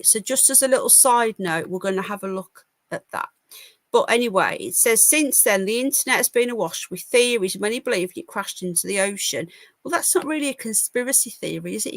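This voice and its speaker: A woman's voice: medium pitch, a bit bright, no echo. A woman hosting a casual livestream from home, reading news aloud and answering chat comments with wry asides and stumbles. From United Kingdom. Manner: chatty, wry asides, stumbles over words while reading. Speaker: livestream host.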